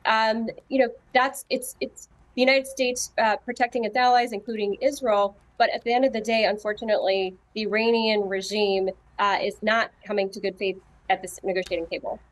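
A woman political commentator on a news panel, speaking in a halting way with many fillers and restarts. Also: mid-range voice, steady tone.

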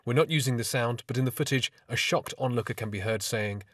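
A man's voice: medium pitch, a little fast, husky, dry recording, studio quality. Man news reporter, slightly distant. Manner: steady, formal delivery.

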